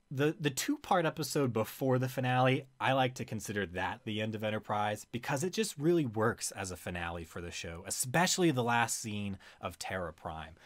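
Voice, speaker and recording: A young man giving a casual spoken review, talking with many fillers and restarts. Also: lowish voice. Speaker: video reviewer.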